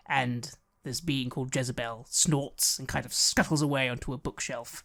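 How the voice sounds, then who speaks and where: A game master narrating a fantasy tabletop game in a descriptive, unhurried way. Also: medium pitch, steady tone.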